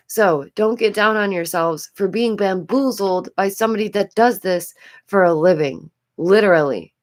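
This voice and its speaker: A woman with a New York accent giving casual live-stream commentary as the host. She is chatty, repeats her phrases, giggles often and has a stuffy nose. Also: mid-range voice.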